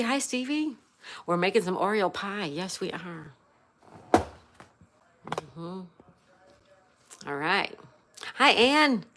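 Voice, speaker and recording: A woman hosting a casual baking livestream, softly greeting viewers by name and talking through a recipe. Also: on the low side. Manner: soft, chatty, reads viewer names aloud. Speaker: livestream host. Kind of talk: casual live-stream chat while baking.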